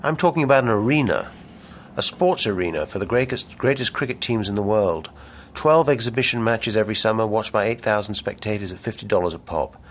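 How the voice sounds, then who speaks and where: A man's voice: lowish voice, animated, a little fast, a little hiss or hum, voice pushed up, lightly acted. A man voicing a brash, ambitious businessman with big schemes, reading the dialogue aloud in a pushy salesman's patter. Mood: grandiose. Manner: salesman patter, insistent and grandiose.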